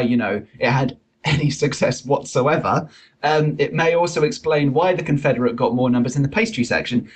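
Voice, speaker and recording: A man's voice: medium pitch, rough recording. A man hosting a comic science podcast, wry and pun-loving, reading from a study. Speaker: podcast host.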